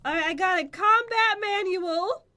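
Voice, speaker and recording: A woman's voice: very high voice, normal speed, pushed and bright. A woman co-hosting a gameplay video, chatting casually and giggling often in a playful way. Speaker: gaming video co-host.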